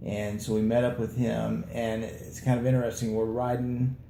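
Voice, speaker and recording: Easygoing man with a mellow voice. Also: medium pitch, level tone, moderate pace, vocal fry, roomy sound, slight background noise. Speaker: riding companion telling a story. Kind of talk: casual vlog storytelling.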